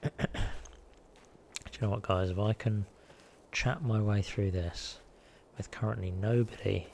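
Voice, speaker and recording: A man's voice: on the low side, vocal fry, darkish tone, slight background noise. A man live-streaming a video game, chatting and rambling casually with self-deprecating asides.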